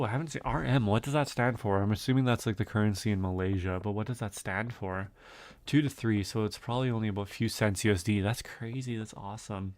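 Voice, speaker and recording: A young man from Canada chatting casually with viewers while streaming a farming game, reading and answering chat with lots of fillers. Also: lowish voice.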